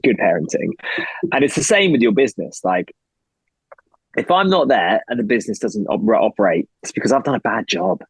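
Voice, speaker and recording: A man's voice: medium pitch, sing-song, a little fast, gravelly, husky, no echo, rough recording. A man in his thirties talking casually and energetically as a podcast guest, rambling and swearing now and then. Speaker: podcast guest, investor and founder. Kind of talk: casual conversation.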